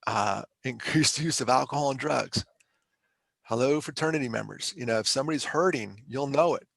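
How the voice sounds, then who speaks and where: A man's voice: mid-range voice, normal speed, creaky, fairly bright tone, no echo. A middle-aged man from Pennsylvania, a podcast guest and mental health speaker, telling his story candidly in a conversational, emotional, self-deprecating way.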